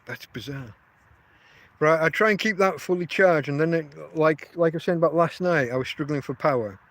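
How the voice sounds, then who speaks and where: A man's voice: a little high, fairly quick, a bit bright, no echo. A man, chatting casually and rambling on a livestream from outdoors. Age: 50s. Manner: rambling, chatty, often restarts his sentences. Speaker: livestream host.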